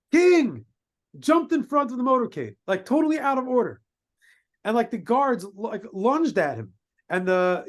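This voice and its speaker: A man, a rabbi, telling a story in a sermon, halting with many restarts and using Hebrew and Yiddish terms. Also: high-pitched. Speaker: rabbi giving a talk.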